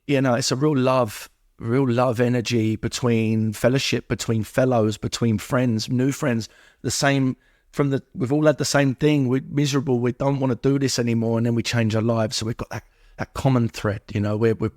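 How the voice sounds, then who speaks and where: A man's voice: mid-range voice, steady tone, moderate pace, darkish tone, no room sound, clean studio sound. A man talking as a podcast guest in an emotional, heartfelt conversation, earnest and repeating himself in rhythmic runs of words. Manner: earnest, repetitive, lists things in rhythmic runs.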